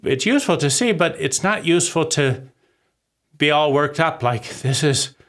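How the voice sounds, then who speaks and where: A man in his forties, speaking as a vlogger, offers a rambling, conversational monologue of advice and keeps checking in with "right?". His voice is fairly high and fairly bright, with lively intonation and a normal speed, and the talk has a reflective feel.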